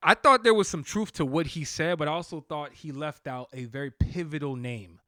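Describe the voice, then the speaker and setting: A man's voice: a little high, moderate pace, dry recording, studio quality. A man co-hosting a podcast, telling stories in casual chat with plenty of fillers. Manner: relaxed storytelling with fillers. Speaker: podcast co-host. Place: podcast studio.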